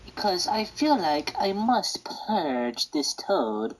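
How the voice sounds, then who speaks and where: A woman's voice: lowish voice, sing-song, slow, a little hiss or hum, poor audio. A woman voicing a grumpy male villain turtle king who swears and sulks. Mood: exasperated. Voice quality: husky, swearing. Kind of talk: fan parody voice acting.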